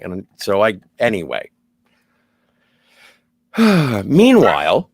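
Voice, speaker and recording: A man's voice: medium pitch, very animated, a little slow, dry recording, clean studio sound. A man co-hosting a podcast, talking about films in an enthusiastic, rambling way full of "like". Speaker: podcast co-host. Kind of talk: casual movie chat.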